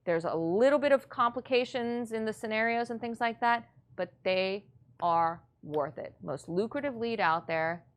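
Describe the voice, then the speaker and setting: A woman's voice: fairly high pitch, moderate pace, smooth. A woman teaching real estate investors in a blunt, matter-of-fact, motivational way. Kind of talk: coaching lesson.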